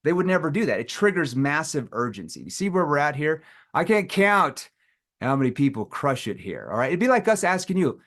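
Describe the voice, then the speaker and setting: A man teaches a live sales seminar, his slightly high voice swinging widely in pitch. He talks animatedly, acting out questions in a challenging tone for the room. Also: big pitch swings, brisk, fairly bright tone. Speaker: sales trainer.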